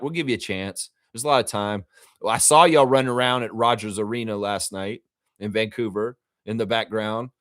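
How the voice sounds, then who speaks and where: Dude doing a live reaction stream, super animated, voice bouncing all over, close dry mic, swears a bit. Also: male voice, medium pitch, dry recording. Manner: animated, chatty, acts out quotes; casual, swears freely. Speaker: fan channel host.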